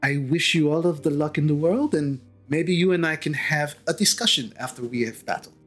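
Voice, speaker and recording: A man's voice: fairly high pitch, fairly quick, fairly bright tone, faint music behind. A man voicing a serene, gracious dragonborn. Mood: courteous. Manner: formal, gracious, slightly grand speech. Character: serene courteous male gem dragonborn, floating monk.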